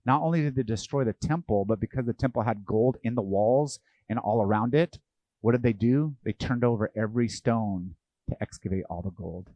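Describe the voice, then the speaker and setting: Animated man preaching a sermon. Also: lowish voice, brisk, no room sound, highs cut off. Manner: animated, acts out quoted voices, asks the audience questions. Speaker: pastor.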